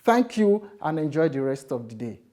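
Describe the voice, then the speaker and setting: A woman's voice: low-pitched, very animated, normal speed, dark tone. A woman with a Nigerian accent teaching a lesson and setting assignments in a plain, instructive way. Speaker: teacher contestant. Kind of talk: classroom lesson.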